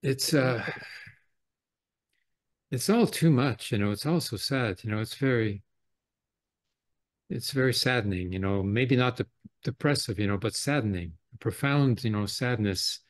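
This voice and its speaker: A man's voice: mid-range voice, a little slow, pauses often. A man in casual political chat who rambles and leans heavily on "you know".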